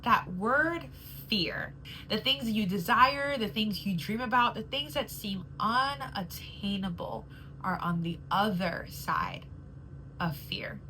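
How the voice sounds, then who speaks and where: A woman hosts a reflective, faith-based monologue, earnest and encouraging. She talks at an unhurried, deliberate pace and lingers on important words, her pitch moving expressively. Her voice is bright and clear. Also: very animated, a little hiss or hum, poor audio. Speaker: podcast host.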